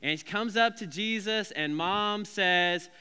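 Bright, clear-voiced male pastor preaching. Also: sits high, a little slow. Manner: lively, joking, conversational preaching. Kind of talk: sermon. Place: church sanctuary. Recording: long reverb of a large hall.

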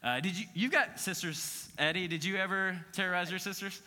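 Man, podcast Bible teacher, lively storyteller, piercing bright tone, reverberant sound. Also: high-pitched, fairly quick. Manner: animated storyteller, acts out quoted voices. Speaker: podcast co-host teaching scripture.

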